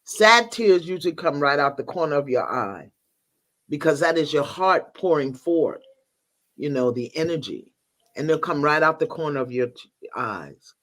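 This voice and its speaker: A woman's voice: low voice, lively intonation, normal speed, a bit bright. An older woman, a guest teacher in a spiritual conversation, telling stories expressively, acting out bits of dialogue and laughing often.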